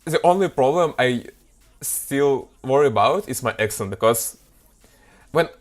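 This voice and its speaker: A man's voice: medium pitch, lively intonation, unhurried. A man in casual chat, speaking hesitantly and restarting his sentences as he searches for words. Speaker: developer preparing for a job interview.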